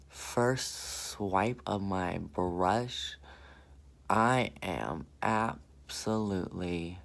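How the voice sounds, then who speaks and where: A man's voice: sits low, gravelly. A man with a Southern US accent chatting through a makeup tutorial, thinking aloud and gushing over the colors. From Southern United States. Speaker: makeup vlogger.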